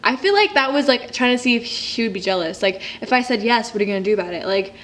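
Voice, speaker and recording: A woman's voice: fairly high pitch, lively intonation, fast talker. A young woman vlogging casually as she plays a story game, chatty and giggly, with self-mocking asides. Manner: drops to a hushed whisper at times. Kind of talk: casual vlog chat while playing a story game.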